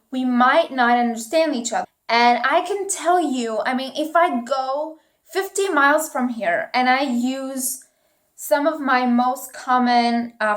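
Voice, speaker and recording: A young woman from northeast Italy with an Italian accent, chatting casually to camera with lots of ums. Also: high-pitched. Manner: chatty, many ums and restarts. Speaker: vlogger.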